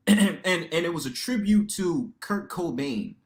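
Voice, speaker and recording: Loud, expressive man hosting a livestream. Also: takes it slowly. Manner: loud and expressive, lively pitch swings; slangy, many rhetorical tags. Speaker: livestream panel host. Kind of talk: casual livestream monologue.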